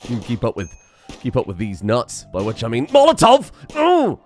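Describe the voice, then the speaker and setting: A young man giving excitable, sarcastic let's-play commentary and laughing often. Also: mid-range voice, fairly quick, faint music behind. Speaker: gaming channel host.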